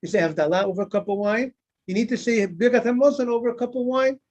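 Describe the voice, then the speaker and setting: Speaking quickly in a very high voice with a darkish tone, a male rabbi teaches a casual Talmud class. He repeats words frequently and asks his students questions he goes on to answer, all captured in dull lo-fi sound.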